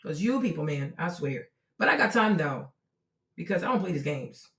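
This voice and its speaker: A woman's voice: on the low side, big pitch swings, moderate pace, reverberant. A woman hosting a live-stream commentary, talking bluntly and profanely as she lectures a viewer in her chat. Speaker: livestream host.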